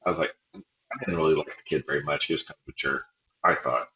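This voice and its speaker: A man's voice: a bass voice, fast talker, sharp tone, echoey room, highs cut off. A man, a former band director, telling self-deprecating stories in a casual interview and acting out quotes with a laugh.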